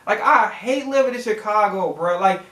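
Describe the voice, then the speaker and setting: A man ranting profanely as a sports reaction vlogger, exasperated and swinging his pitch up and down as he talks. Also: lively intonation, normal speed, a bit bright, roomy sound.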